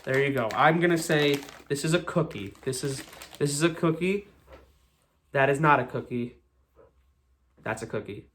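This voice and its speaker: Chatty American magician, light tenor. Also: male voice, on the high side, normal speed, a bit bright, slight background noise. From United States. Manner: chatty, joking, self-deprecating. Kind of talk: live magic show patter.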